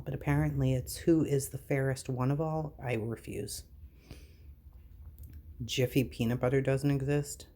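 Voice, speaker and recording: A woman's voice: very deep voice, normal speed. A woman vlogging casually, reading items aloud and reacting with exasperated disbelief. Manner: incredulous, exasperated, animated reactions.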